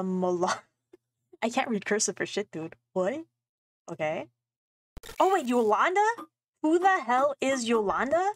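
A woman's voice: medium pitch, dry recording, studio quality. A young woman playing a game, reading its texts aloud and reacting with casual, laughing, swearing commentary. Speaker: gaming streamer. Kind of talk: casual let's play commentary.

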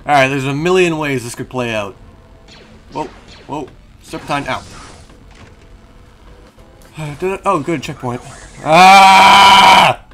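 A man's voice: medium pitch, measured pace, pauses often, a bit bright, soft background music. A young man giving casual, joking gameplay commentary at home, swearing now and then and chatting to his cat at the desk mic. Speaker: let's play host. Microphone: desk microphone.

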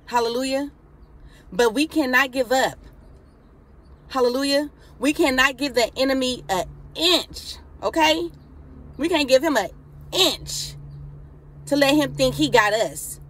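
Fervent woman preaching on a phone live stream. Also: on the high side. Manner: fervent, repeating hallelujah, casual Southern-style speech.

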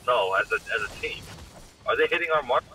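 A young man streaming from his car, teasing his friends in profane banter while his voice is going hoarse. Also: medium pitch, lively intonation, fairly quick, pushed and bright, a little hiss or hum, poor audio. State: losing his voice. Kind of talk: casual chat with friends.

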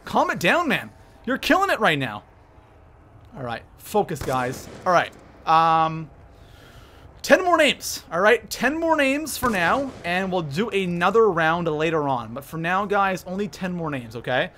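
Male livestreamer, hyped commentary, bright and sharp-toned. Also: high voice, measured pace, a little hiss or hum. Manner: excitable, thanks viewers by name between frantic gameplay reactions. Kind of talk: live gameplay commentary.

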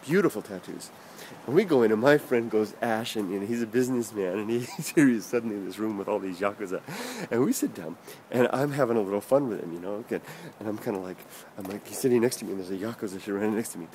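A man's voice: on the low side, fast, darkish tone, slight background noise. A middle-aged man casually telling a rambling personal story for his vlog while walking down a street outdoors. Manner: rambling and chatty, with many fillers and self-corrections. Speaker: vlogger.

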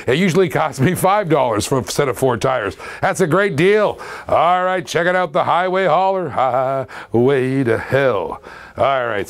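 A man in his forties with a Canadian accent, hosting a live-streamed toy car auction in a playful, jokey way, laughing often and repeating his lines. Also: a little high. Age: 40s.

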